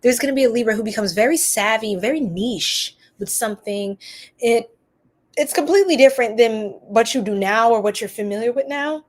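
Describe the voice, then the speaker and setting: A woman chats her way through a live-streamed tarot reading, giggling and rambling with plenty of fillers. Her voice sits a little higher than most. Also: fairly quick.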